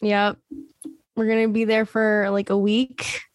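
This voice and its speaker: A woman's voice: medium pitch, monotone, a little slow, no echo, clean studio sound. A young woman in casual podcast chat, talking in an easygoing way and laughing often.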